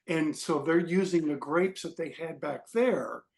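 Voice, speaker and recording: An enthusiastic panelist chiming in on a video call, emphatic and fond of a joke. The voice sits at a middling pitch. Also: unhurried, darkish tone. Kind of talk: casual chat on a video call.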